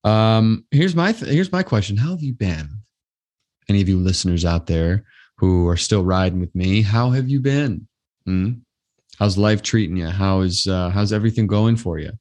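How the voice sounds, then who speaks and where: A man's voice: lowish voice, expressive, moderate pace, a little mellow. A man hosting his own podcast, chatting alone in a loose, rambling way full of fillers. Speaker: podcast host. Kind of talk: casual solo podcast chat.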